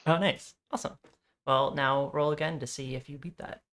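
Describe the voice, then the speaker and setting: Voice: mid-range voice, steady tone, moderate pace, a bit bright. A player in a tabletop game over an online call, chatting casually with joking, playful asides.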